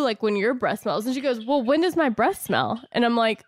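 A woman's voice: a little high, big pitch swings, dry recording, studio quality. A woman co-hosting a podcast in casual chat, rambling and restarting her sentences, often breaking into laughter. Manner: rambling, self-interrupting, quick to laugh. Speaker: podcast co-host.

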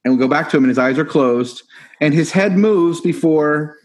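A man's voice: on the high side, normal speed, poor audio. A man co-hosting a casual podcast about a movie, enthusiastic and acting out favorite quotes. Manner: enthusiastic, acts out film quotes. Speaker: podcast co-host.

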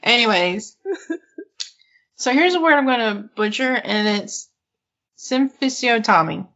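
A woman's voice: fairly high pitch, expressive, unhurried, bright, forceful tone, dull audio. A woman co-hosting a podcast in casual chat, laughing often and reading from an article. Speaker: podcast co-host.

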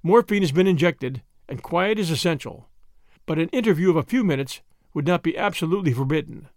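A man voicing a male surgeon giving a brisk, matter-of-fact report. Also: fairly high pitch, expressive, a little mellow, dry recording, studio quality. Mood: reassuring.

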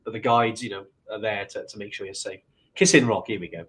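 A man's voice: fairly low pitch, steady tone, fairly quick, a bit bright. A man who guides trekking trips, chatting casually and rambling with many restarts about a mountain climb. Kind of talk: casual chat.

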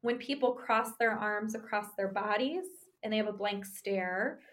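A woman explaining couples communication in a lively, conversational way, often checking in with "right?". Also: medium pitch, unhurried. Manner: conversational, animated, frequent tag "right?". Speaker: relationship therapist.

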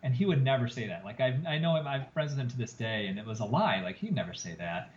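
A man who is a plastic surgeon, telling an animated story as a guest on a podcast interview. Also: mid-range voice, fast. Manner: animated storyteller, acts out quoted lines. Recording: roomy, slightly dull podcast audio.

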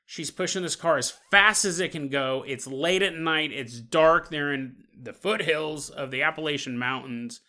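A man hosting a podcast, retelling a story in a casual, animated way and acting out the people he quotes. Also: on the high side, normal speed, few pauses. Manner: animated, acts out quotes with playful voices. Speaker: podcast host.

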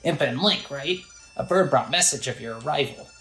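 A woman reading a boastful, protective young male wizard from a video game in her own low voice. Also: lively intonation, a little fast, fairly bright tone, roomy sound, faint music behind, full character voice, poor audio.

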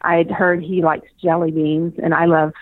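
A woman's voice: on the low side, little pitch movement, moderate pace, dry recording. Chatty older woman on a tinny phone line. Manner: chatty, laughs often, restarts phrases. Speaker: interview guest, former pageant winner. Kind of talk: casual storytelling interview.

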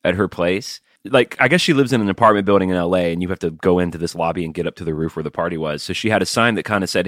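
A man's voice: low-pitched, rapid-fire, no room sound, studio quality. A man co-hosting a comedy podcast, joking and riffing in casual chat. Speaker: podcast co-host.

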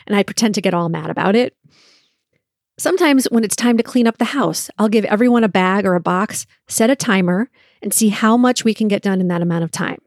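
A woman's voice: medium pitch, a little fast, no room sound, studio quality. Mother in her forties hosting a podcast. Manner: storytelling, lively when acting out quotes. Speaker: podcast host and parent. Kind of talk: solo podcast talk.

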